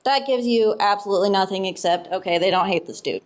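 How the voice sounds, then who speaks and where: A woman co-presenting a conference talk in a hall, relaxed and joking. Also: mid-range voice, quick pace. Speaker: conference speaker.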